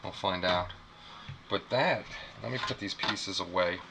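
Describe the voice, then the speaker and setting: A man's voice: low-pitched, measured pace. A man hosting a casual live unboxing stream from a small apartment, rambling, repeating himself and reacting to chat. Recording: clear background noise.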